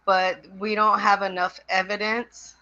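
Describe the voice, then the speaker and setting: Guest mother: middle-aged woman, slow pace, bright tense tone, muffled lo-fi line. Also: medium pitch, little pitch movement. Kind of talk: testimony on a video call. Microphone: video call. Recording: dull lo-fi sound.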